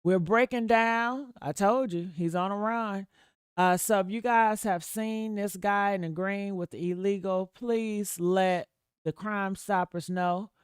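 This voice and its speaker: A woman's voice: medium pitch, clear, resonant tone, dry recording, studio quality. A woman hosting a live stream, commenting bluntly and sassily and reading viewer comments aloud. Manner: blunt, sassy, talks straight to viewers. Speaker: livestream commentator.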